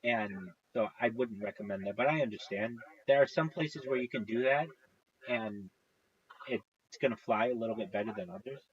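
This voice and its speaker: A man live streaming a casual monologue, cursing freely and ranting in a worked-up way. His voice sits at an ordinary middle pitch. The sound is a bit dull and lo-fi. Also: moderate pace.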